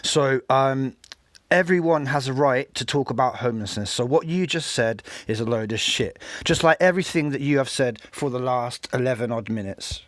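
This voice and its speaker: A man's voice: mid-range voice, moderate pace, fairly bright tone, dry recording. A man giving scornful, mocking commentary over a recorded street debate.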